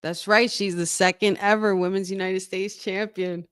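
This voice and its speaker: A woman hosting a live wrestling watch-along from her room at home, excitable and swearing as she talks to her chat. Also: medium pitch, normal speed, clean tone. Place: room at home with windows open.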